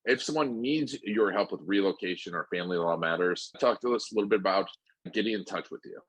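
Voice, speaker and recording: A man's voice: fairly low pitch, fast, a bit bright, breathy edge, poor audio. A man hosting an interview, reacting with short comments and asking questions. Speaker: interviewer, host.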